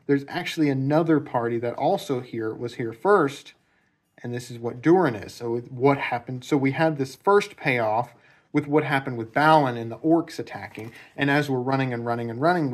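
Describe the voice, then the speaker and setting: A man giving a casual spoken analysis of a novel, rambling and repeating himself, with many fillers. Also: mid-range voice. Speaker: book commentator.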